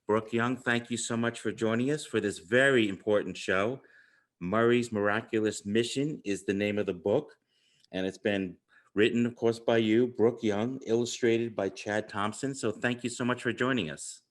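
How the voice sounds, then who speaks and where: A man's voice: on the low side, steady tone, normal speed. A middle-aged man with a New York accent hosting an interview podcast, speaking with upbeat emphasis. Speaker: podcast host.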